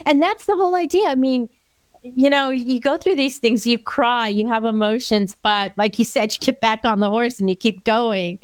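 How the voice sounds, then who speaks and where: A woman's voice: a little high, moderate pace, no echo. A woman interviewing a guest, agreeable and telling a personal anecdote in a chatty way. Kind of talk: conversational interview.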